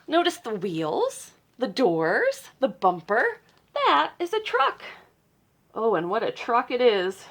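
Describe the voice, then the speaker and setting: A woman librarian reading a picture book aloud to children, playful and teasing, with dramatic gasps and hushed asides. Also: on the high side, wildly swooping pitch, takes it slowly.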